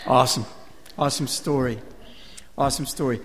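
A male minister leading a sermon dialogue in a halting, reflective way, with many fillers. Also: medium pitch, fairly bright tone, long reverb tail. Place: church sanctuary.

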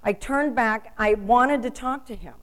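A woman's voice: a little high, measured pace, poor audio. An older woman delivering a storytelling sermon, asking rhetorical questions with emphasis.

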